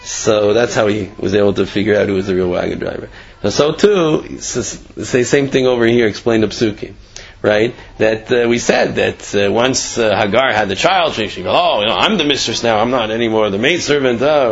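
A man's voice: fairly low pitch, a little fast, gravelly, slightly rough, highs cut off. A man teaching a Torah class in a conversational way, telling a story and acting out its characters. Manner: conversational, acts out voices in the story with laughs.

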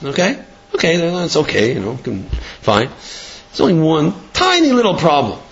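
A man with a fairly high voice tells a long religious story in a rambling way. He keeps restarting his sentences and slips into the voices of his characters. The recording is muffled and lo-fi. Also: wildly swooping pitch, normal speed. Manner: rambling, full of fillers and restarts, acts out the people in the story. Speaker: religious teacher. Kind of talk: storytelling lecture. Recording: dull lo-fi recording.

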